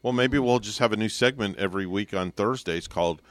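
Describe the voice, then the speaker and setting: Low-voiced joking male radio host. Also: brisk, a bit bright, no room sound. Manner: joking, teasing. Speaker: radio morning show host. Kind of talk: casual on-air chat.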